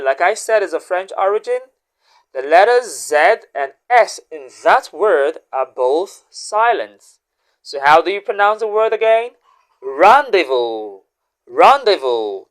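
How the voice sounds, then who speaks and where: Lady teaching how to say words, real slow, repeats everything, voice goes up and down a lot. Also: on the low side. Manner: slow and deliberate, repeating each word to drill it. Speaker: diction teacher and host. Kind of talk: scripted pronunciation lesson.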